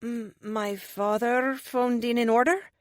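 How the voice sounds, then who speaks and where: A woman's voice: a little high, steady tone, takes it slowly, no echo, clean studio sound, voice pushed up. A woman voicing a polite, slightly flustered young woman on the run in an audiobook.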